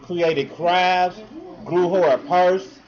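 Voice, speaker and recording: A man's voice: high-pitched, fairly even intonation, drawn-out words, darkish tone, muffled recording. A man acting as emcee at a community event, introducing the next speaker in a casual way with filler uhs. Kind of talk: event announcement.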